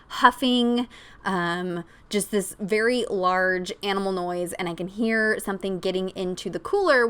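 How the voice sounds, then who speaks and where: A woman's voice: mid-range voice, a bit bright. A woman in her thirties, a crafting vlogger, casually telling a story with lots of ums and likes. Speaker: scrapbooking vlogger.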